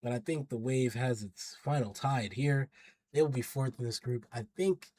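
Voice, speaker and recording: A man's voice: medium pitch, normal speed, darkish tone, dry recording. A man vlogging his football predictions in a loose, chatty way. He drops slang freely and hypes up his picks. His voice sits mid-range and is recorded close and dry, with no room sound at all. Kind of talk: casual predictions commentary.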